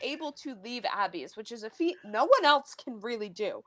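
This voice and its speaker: A young woman guesting on a podcast, chatting in a relaxed, amused way. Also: a little high, normal speed. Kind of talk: casual chat.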